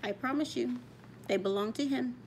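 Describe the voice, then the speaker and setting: A woman's voice: on the high side, moderate pace, a little mellow, a little hiss or hum. A woman hosting a casual live stream from home on a handheld phone. She chats straight to her viewers and keeps telling a child to stop touching things. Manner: chatty, talks straight to viewers while scolding a child off-camera. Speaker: coin channel host. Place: home room.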